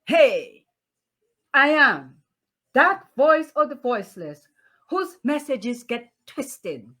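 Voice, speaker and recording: Slow, animated woman poet. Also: sits high. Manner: slow, lively, declamatory reading with repeated refrains. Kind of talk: casual interview and poetry recitation.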